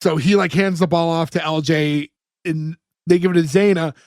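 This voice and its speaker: On a podcast, a man casually recaps a sitcom episode, a talkative, loose storyteller full of filler words who acts out the quotes. His voice is on the high side and a little mellow, with fairly even intonation and a moderate pace. The recording is dry, with clean studio sound.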